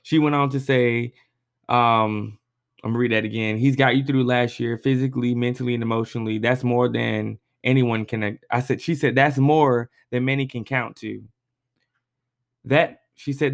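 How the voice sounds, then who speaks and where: Young male podcast host, solo casual chat, animated and sincere, mid-range voice. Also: mid-range voice, a little slow, gravelly. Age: 20s. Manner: animated, reads messages aloud with feeling.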